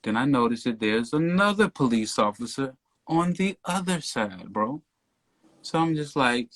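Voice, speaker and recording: A man telling a story as a podcast guest in casual talk, getting loud and worked up as he retells it. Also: medium pitch, a little slow. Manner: animated, rising to near shouting when retelling the stop.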